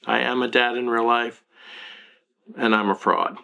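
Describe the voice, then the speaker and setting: A man's voice: medium pitch, steady tone, unhurried, gravelly, bright, forceful tone. A man in his thirties, a parenting blogger, talking earnestly and self-critically to camera in a confessional vlog.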